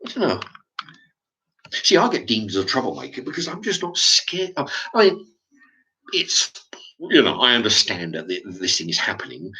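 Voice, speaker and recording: A middle-aged man with an English accent, talking in a halting, rambling monologue to his channel's viewers, often stumbling and repeating his words. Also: on the low side, wildly swooping pitch, bright, forceful tone. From England. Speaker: YouTube channel host.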